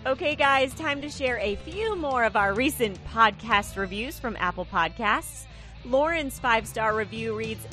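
A woman's voice: on the high side, a little slow, pushed and bright, soft background music. A woman co-hosting a podcast, reading listener reviews aloud in a friendly way. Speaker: podcast co-host.

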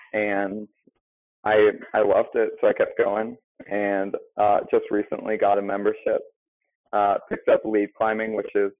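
A man's voice: fairly low pitch, dry recording. A young man, a restaurant manager, answering interview questions hesitantly with many fillers. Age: young adult. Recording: phone-like, dry line.

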